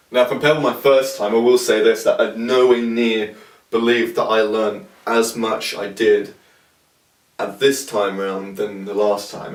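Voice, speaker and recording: A young man casually reflecting to camera, rambling and searching for words. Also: on the low side. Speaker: vlogger. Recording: roomy sound from a distant mic.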